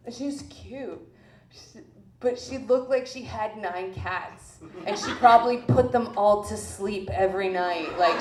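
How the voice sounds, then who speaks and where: A female comedian telling a story on stage in a blunt, profane, self-mocking way. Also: high voice. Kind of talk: stand-up storytelling. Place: live comedy venue. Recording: echoey room with faint ambience.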